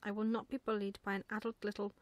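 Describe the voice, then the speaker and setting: A woman voicing a sleepy, grumpy father barn owl in whispered role-play, grumbling gruffly. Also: fairly high pitch, animated, normal speed, no echo.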